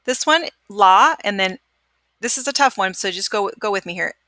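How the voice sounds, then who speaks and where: Bright, dry-voiced teacher recording a screencast. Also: female voice, mid-range voice, expressive, dry recording. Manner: patient, repeats each word slowly for students to copy; chatty with many fillers. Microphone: computer microphone during screencast.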